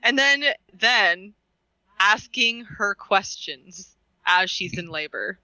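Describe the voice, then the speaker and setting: A woman's voice: medium pitch, expressive, takes it slowly, bright, forceful tone, no room sound, poor audio. A woman co-hosting a podcast, rambling with lots of fillers and giggles. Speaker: podcast co-host. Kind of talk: casual podcast chat.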